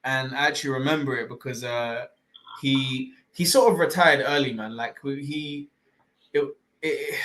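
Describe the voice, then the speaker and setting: A man's voice: mid-range voice, fairly even intonation, normal speed, a bit bright, low-quality recording. Rambling man hosting a fight podcast. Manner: rambling, full of fillers and restarts, swears casually. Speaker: podcast host. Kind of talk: casual fight-talk podcast chat.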